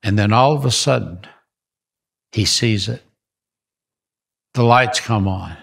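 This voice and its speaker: An older man, a ministry founder, telling stories in an animated interview and repeating phrases for emphasis. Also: fairly low pitch, takes it slowly, gravelly, slightly rough. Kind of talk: storytelling interview.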